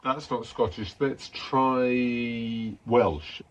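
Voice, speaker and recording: A man's voice: medium pitch, steady tone, very slow, muffled recording. A man, an artist and vlogger, talking casually to an AI assistant in a hesitant, stop-start, irritated way.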